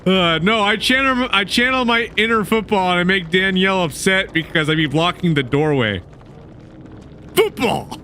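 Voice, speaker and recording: Man, game streamer, casual chat, bright tone, slightly high pitch, laughs a lot. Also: a little fast, hardly any pauses, a little hiss or hum. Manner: chatty, laughs often, talks to chat.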